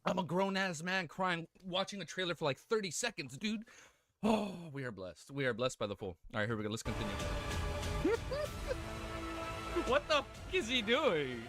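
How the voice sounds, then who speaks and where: Young male streamer, animated and bright, excitable and teary, curses freely. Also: on the high side, brisk, soft background music. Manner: excitable, swearing, laughing often. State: tearful. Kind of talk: live reaction stream.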